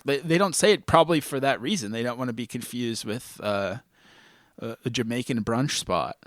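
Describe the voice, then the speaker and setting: A man's voice: medium pitch, moderate pace, dry recording. Guy hosting a podcast, playful, laughs a lot, voice bouncing all over, dry sound. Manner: playful, laughs often, animated. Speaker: podcast host. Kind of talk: casual chat.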